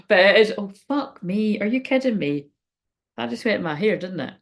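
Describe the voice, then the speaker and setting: A woman's voice: a little high, brisk, fairly bright tone. A woman speaking as a spiritual reader in a rambling, frank livestream chat, swearing now and then.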